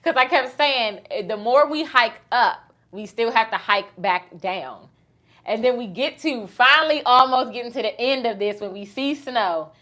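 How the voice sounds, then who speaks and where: Woman host, thirties, casual chat, teasing and animated, bright voice, a bit high. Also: normal speed.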